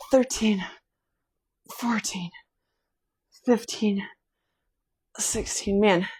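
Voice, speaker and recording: This home workout host has a mid-range voice that's a little mellow and slightly rough. Counting reps as she exercises, she sighs, breathes a bit hard, and shares faith reflections between sets in casual coaching.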